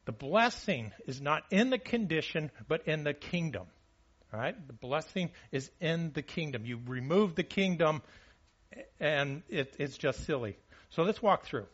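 Pastor, male, fairly high voice, conversational sermon full of restarts and "all right?" check-ins, muffled lo-fi church recording. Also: animated, unhurried, a bit bright, breathy edge. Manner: frequent restarts and repeated words, checks in with listeners. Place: church service.

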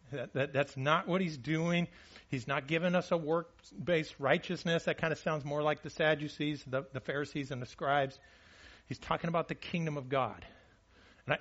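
A man's voice: fairly high pitch, a bit bright. A male pastor giving a conversational sermon at a church service, often restarting and repeating words and checking in with his listeners. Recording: dull lo-fi sermon recording.

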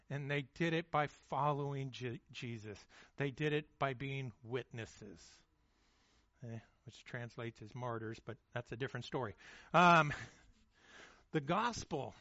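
A man's voice: mid-range voice, a little slow, pushed and bright, no room sound, lo-fi sound. A man preaching a sermon in a casual, conversational way, often repeating words as he restarts and checking in with "okay?" and "right?". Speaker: pastor.

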